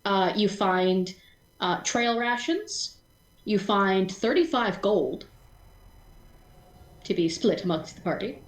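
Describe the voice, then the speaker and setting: A woman narrating as game master of a tabletop role-playing session, animated, laughing often and stumbling over restarts. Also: medium pitch, slow pace, long pauses, roomy sound, poor audio.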